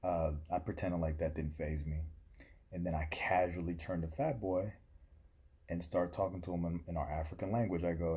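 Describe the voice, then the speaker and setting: A young man telling a comic story in a casual vlog, with a dry, deadpan delivery. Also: low-pitched, normal speed, slightly rough. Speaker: vlogger.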